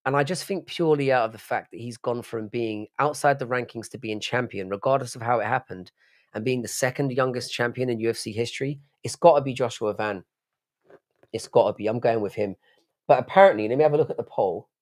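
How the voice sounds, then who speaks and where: A man's voice: mid-range voice, fairly quick, a little mellow. Rambling, swearing male livestreamer. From United Kingdom. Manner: rambling, swears often, answers chat aloud. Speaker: live-stream host. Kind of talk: casual late-night live-stream chat.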